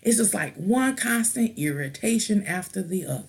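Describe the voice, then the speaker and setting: A woman's voice: mid-range voice, expressive, moderate pace, a little mellow. Irritated woman ranting on a live stream. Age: adult with children. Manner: irritated, blunt and rambling, with restarts and slang. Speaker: tarot live-stream host. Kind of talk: rambling live-stream rant.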